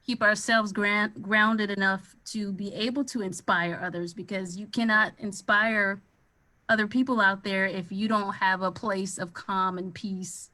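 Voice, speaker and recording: A woman's voice: mid-range voice, steady tone, a little slow, bright, forceful tone. A woman singer on a video call, speaking in an inspirational, rambling way. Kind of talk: casual panel chat.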